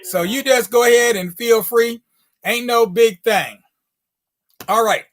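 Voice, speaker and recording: A man's voice: very high voice, a little slow. A man hosting a show, signing off in a playful, folksy way with rhymes and repetition. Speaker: host. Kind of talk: casual sign-off.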